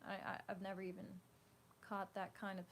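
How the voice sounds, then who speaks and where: A woman giving a casual tarot reading at home, rambling and animated, full of fillers. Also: mid-range voice, brisk. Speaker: tarot reader. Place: home room with a fan running. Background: faint fan hum.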